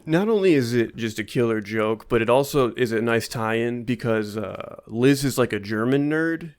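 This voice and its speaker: A man co-hosting a casual comedy podcast, chiming in with calm, quick comments. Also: mid-range voice. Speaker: podcast co-host.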